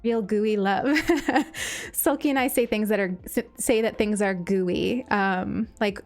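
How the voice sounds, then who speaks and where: A woman's voice: mid-range voice, slow pace, a little mellow, soft background music. A woman streamer chatting casually to her viewers, gushing and grateful, with many ums and restarts. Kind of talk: casual live-stream chat.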